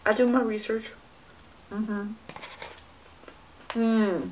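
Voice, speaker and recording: A woman's voice: mid-range voice, moderate pace, long pauses, slight background noise. A young woman chatting casually while she eats, with frequent fillers and little "mm" sounds. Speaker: fitness vlogger. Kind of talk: casual mukbang chat to camera.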